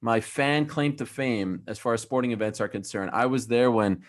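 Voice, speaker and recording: A man's voice: mid-range voice, normal speed. A man in his thirties hosting a casual chat, enthusiastic and steering the talk with questions and anecdotes. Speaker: host, journalist.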